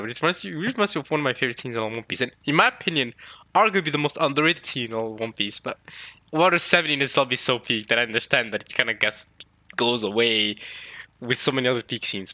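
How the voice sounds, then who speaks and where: Brief: casual male comic reactor, rambling, mid pitch, dry close sound. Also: lively intonation, fast, pushed and bright, dry recording. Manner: rambling and chatty. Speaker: manga reaction host.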